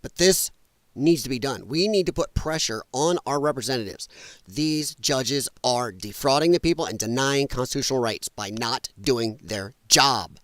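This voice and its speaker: A man's voice: mid-range voice, expressive, normal speed, no echo. Angry, swooping man ranting on a livestream. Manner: angry, blunt, profane, ranting. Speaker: livestream host. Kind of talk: heated political livestream rant. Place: at his computer while streaming.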